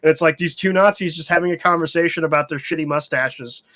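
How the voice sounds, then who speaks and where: Male podcast co-host, casual, profane, laughs often, pitch a touch high. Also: fast talker, fairly bright tone. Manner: rambling, swears often, laughs a lot. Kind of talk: casual gaming chat.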